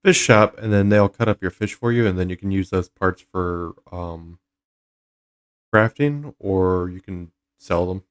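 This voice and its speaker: A man with a very deep voice hosts a casual gaming stream. He talks through the game in a loose, rambling way, pausing on fillers as he explains. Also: smooth. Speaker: streamer host.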